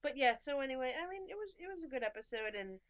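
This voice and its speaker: A woman's voice: high-pitched, lively intonation, fast talker. A woman co-hosting a podcast, chatting casually and tossing in dry, joking asides. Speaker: podcast co-host. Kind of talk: casual chat.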